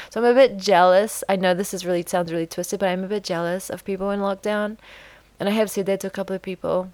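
A woman's voice: medium pitch, steady tone, fast, darkish tone, no room sound. A burnt-out woman talking casually to camera, rambling and self-deprecating, acting out little conversations in quoted voices. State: tired, burnt out. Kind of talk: casual vlog monologue.

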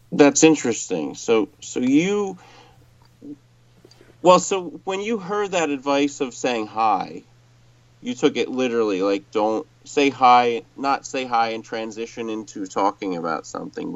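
A man interviewing casually, asking probing questions in a halting, searching way. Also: medium pitch, animated. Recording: dull lo-fi recording.

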